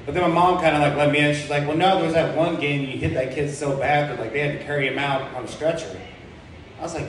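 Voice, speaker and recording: A man's voice: fairly high pitch, quick pace, a little hiss or hum. A young man doing a stand-up comedy set, rambling and crude, full of fillers and self-deprecating asides. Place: comedy club stage. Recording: very echoey club room heard from far off.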